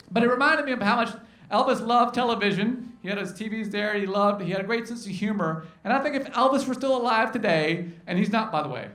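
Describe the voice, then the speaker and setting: A man's voice: very high voice, noisy background. A man doing folksy, self-deprecating stand-up comedy between song parodies on guitar. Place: comedy club stage. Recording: roomy live stage sound. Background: acoustic guitar.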